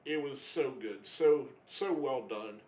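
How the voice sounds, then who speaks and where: A man giving a casual spoken review, emotional and halting, often getting choked up and restarting his sentences. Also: medium pitch, a little mellow, roomy sound, poor audio. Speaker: wrestling reviewer.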